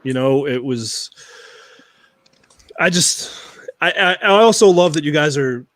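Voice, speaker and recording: A man hosting a casual podcast, animated and swearing freely. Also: on the high side, measured pace, no echo. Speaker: podcast host.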